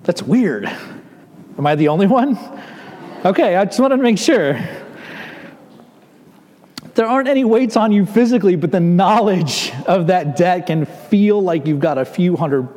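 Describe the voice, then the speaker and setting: A fairly high-voiced man preaches a sermon to his congregation. He keeps it conversational and checks in with asides to the people. His voice rings out with the long reverb of a large church sanctuary. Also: expressive, unhurried, pauses often, a little mellow. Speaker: pastor.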